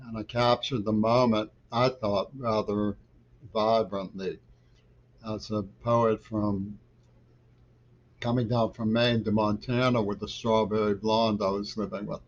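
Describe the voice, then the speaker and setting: A man's voice: fairly low pitch, little pitch movement, measured pace, highs cut off, slight background noise. A middle-aged man, a poet, gives a digressive political monologue with loose trains of thought that grow insistent.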